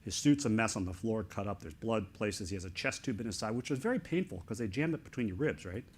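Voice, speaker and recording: Speaking fast in a husky, lowish voice, this middle-aged man is an author being interviewed. He recounts a story animatedly, in excited spurts of clipped fragments.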